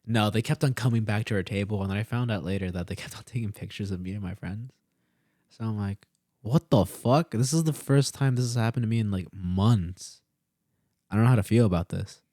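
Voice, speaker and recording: With a fairly low pitch and a slightly quick pace, a podcast co-host in his early 20s tells a rambling, profanity-filled story in casual conversation. He animatedly acts out the quotes, and the studio audio is clean with no echo.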